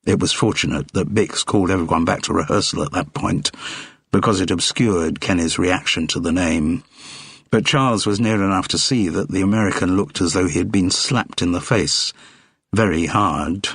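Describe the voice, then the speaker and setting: A man reading a mystery audiobook in a measured narrating style. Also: low voice, fairly bright tone, breathy edge, no room sound, clean studio sound. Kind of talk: scripted narration.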